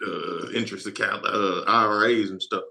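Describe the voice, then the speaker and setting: A young man joining a podcast chat, excitable and joking. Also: lowish voice, moderate pace, vocal fry. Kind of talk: casual chat.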